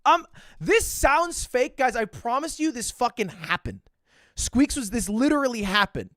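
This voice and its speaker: Animated young man telling a story. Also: extremely high pitch, unhurried, no echo, clean studio sound. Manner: animated, swears freely, self-mocking. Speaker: online creator. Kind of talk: casual storytelling.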